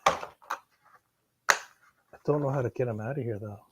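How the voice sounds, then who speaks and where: A man talking casually to camera during an unboxing, rambling and swearing, with loud bursts of excitement, recorded at home on a camera mic. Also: mid-range voice, normal speed, muffled recording, heavy background noise. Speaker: vlogger. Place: someone else's home. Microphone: external mic on camera.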